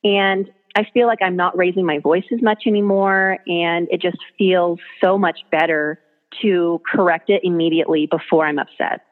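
A mom who blogs recounts parenting stories during a casual interview chat, heard through a tinny phone connection. Her voice is on the low side with fairly even intonation at a moderate pace, and she earnestly chats and voices her kids.

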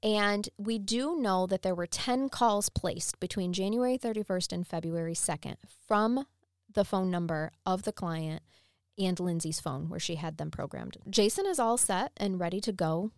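A woman co-hosting a podcast, telling a true-crime story in a chatty, animated way and laughing often. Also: mid-range voice, moderate pace, no room sound, clean studio sound. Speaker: podcast co-host.

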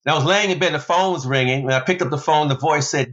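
Animated storytelling man, slightly dull audio. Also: fast talker. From United States. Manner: animated storyteller, big pitch jumps for emphasis. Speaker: guest, former pro basketballer and motivational speaker. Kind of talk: storytelling interview.

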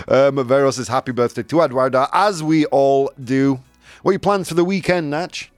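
A man's voice: mid-range voice, normal speed, no echo, faint music behind. A man in his forties hosting a live show with a jovial, playful manner and frequent laughs. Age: 40s. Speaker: host.

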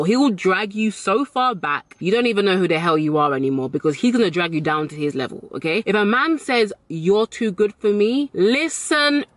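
A woman's voice: fairly low pitch, no echo. A woman giving motivational dating advice to camera, emphatic and repeating key lines for effect, and acting out the voices in her stories. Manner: animated storyteller, acts out quoted voices.

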